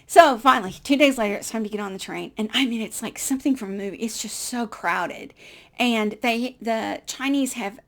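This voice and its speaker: Gravelly-voiced woman telling a lively story. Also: on the high side, moderate pace. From United States. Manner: animated, acts out dialogue, laughs often. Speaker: speaker telling her life story. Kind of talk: personal storytelling.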